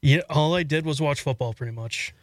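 Male radio sidekick, slightly high voice, easygoing short replies, dry mic. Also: brisk, dry recording. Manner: easygoing and brief. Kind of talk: casual radio chat.

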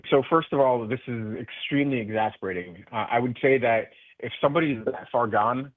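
A man's voice: mid-range voice, dry recording. Earnest man on a tinny phone line. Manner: earnest, halting, many restarts. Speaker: guest. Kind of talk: political radio interview.

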